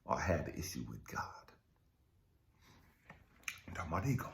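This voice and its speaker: A man giving a raw, profane spiritual testimony as a coach, swinging between shouting and whispering. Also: extremely low pitch, sing-song, moderate pace, creaky, long pauses, background noise. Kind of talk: emotional personal testimony.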